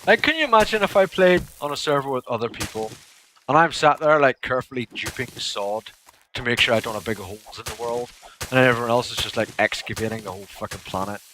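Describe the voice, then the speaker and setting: A young man giving casual live commentary while he plays a game, excitable and laughing often as he chats to viewers. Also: mid-range voice, quick pace, slight background noise. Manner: excitable, giggly, chatting to viewers. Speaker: gaming streamer.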